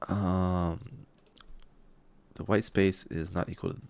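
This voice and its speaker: This live-stream coding session features a man whose low, slightly mellow voice stays level as he speaks slowly. He talks himself through the game's code, muttering, dropping into whispers now and then, and poking fun at himself in a loopy manner.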